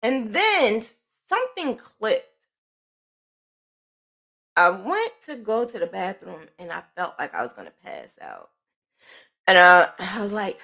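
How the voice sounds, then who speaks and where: A middle-aged woman hosting a podcast, telling a personal story in a chatty, animated way with sighs and self-corrections. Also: medium pitch. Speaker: podcast host.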